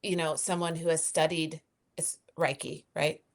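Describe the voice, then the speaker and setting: Host: chatty mom, slightly low voice, lots of "like", easygoing. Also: female voice, little pitch movement, moderate pace. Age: adult, mother of two. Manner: chatty, bubbly, lots of "like" and "you know". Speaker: podcast host. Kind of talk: casual podcast conversation.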